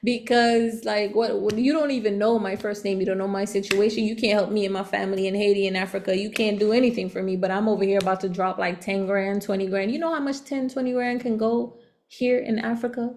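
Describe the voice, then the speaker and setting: Woman, tarot reading, casual, slangy, animated, laughs a lot. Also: medium pitch, quick pace, slight background noise. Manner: chatty and animated, laughs often; slangy, relaxed talk. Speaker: tarot reader.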